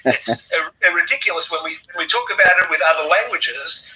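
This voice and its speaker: A man's voice: fairly high pitch, big pitch swings, brisk, sharp tone, a little hiss or hum, rough recording. A man with an English accent, an author and historian talking at length in an interview, with many fillers and restarts. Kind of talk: conversational interview.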